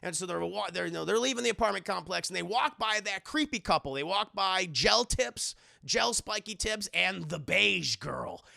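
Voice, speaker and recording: A man streaming a casual live review, retelling scenes in an animated, profane way and doing the characters' voices. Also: high-pitched, normal speed, vocal fry, few pauses.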